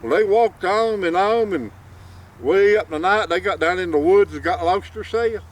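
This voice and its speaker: A man's voice: high voice, normal speed. Folksy man telling a folk tale. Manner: drawling, folksy, chuckling. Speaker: storyteller. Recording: distant mic, faint outdoor noise.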